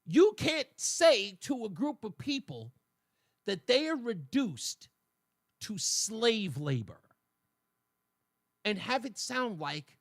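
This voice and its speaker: A man's voice: sits high, no echo. A man hosting a talk radio show, delivering a colloquial opinion monologue with mocking asides into a studio microphone.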